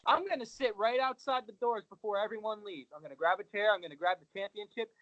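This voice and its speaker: A man's voice: high-pitched, quick pace, a bit bright, no room sound. A man who wrestles professionally, talking casually and boastfully in an interview over a video call. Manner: boastful, cocky heel bravado. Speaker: pro wrestler guest. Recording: slightly dull video call audio.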